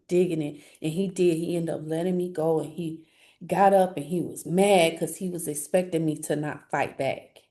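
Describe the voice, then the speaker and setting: A woman with a low, darkly mellow voice tells her own story in an interview. Her delivery is earnest and halting, full of restarts, and a gravelly fry runs through her speech. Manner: earnest, halting, grows emotional. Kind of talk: personal testimony.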